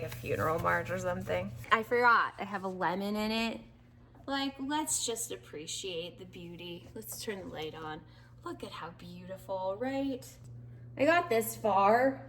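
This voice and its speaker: A woman's voice: mid-range voice, expressive, measured pace, slight background noise. Tired woman rambling in a video diary. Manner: rambling, emotional, laughing through sadness. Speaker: vlogger recovering from surgery. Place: home kitchen.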